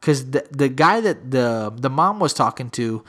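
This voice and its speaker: Animated man telling a long story. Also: medium pitch, measured pace. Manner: animated storyteller acting out quoted people. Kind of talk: casual storytelling chat.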